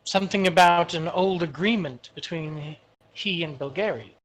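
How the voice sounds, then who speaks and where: Game master narrating a fantasy tabletop session, unhurried and descriptive. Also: male voice, a little high, poor audio.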